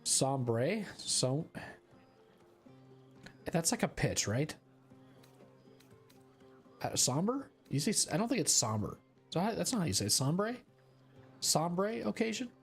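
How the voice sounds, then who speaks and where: A man's voice: a little high, sing-song, normal speed, vocal fry, long pauses, soft background music. A man streaming a video game, chatting and teasing in a joking, casual way.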